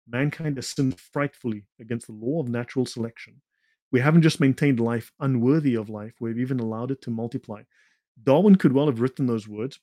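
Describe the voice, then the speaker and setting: A man talks through a slide presentation in a lecture-like way, drifting into tangents and dropping sarcastic asides. His voice sits in an ordinary middle pitch. The recording is dry and close, with no room sound. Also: a little mellow, no echo. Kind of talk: lecture-style talk in a conversation.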